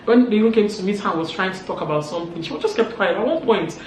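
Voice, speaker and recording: A woman's voice: mid-range voice, fast, darkish tone, slight background noise. A woman with a Nigerian accent, chatting through a casual, gossipy recap of a reality show. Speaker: vlogger. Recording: echoey room.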